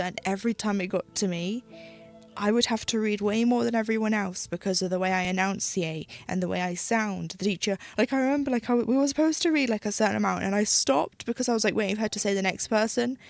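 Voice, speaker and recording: A British woman talks loosely and rambles through her thoughts on a live crafting stream, with plenty of "like" fillers. Her mid-pitched voice has a gravelly, creaky edge. Quiet music plays underneath her. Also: fast talker. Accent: British English. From United Kingdom. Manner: chatty, rambling, with frequent "like" and restarts. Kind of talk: casual chat while stitching on a live stream.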